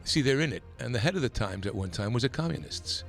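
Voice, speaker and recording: A man hosting a talk radio show, delivering an impassioned, emphatic political monologue that climbs toward near-shouting. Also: medium pitch, expressive, fast talker, gravelly, soft background music. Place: radio studio.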